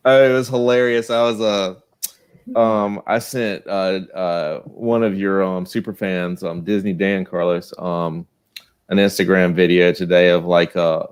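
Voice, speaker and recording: A man's voice: low-pitched, fairly even intonation, unhurried, clear, resonant tone. A man with a Southern accent chatting casually on a livestream, rambling with lots of restarts and laughter. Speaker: co-host.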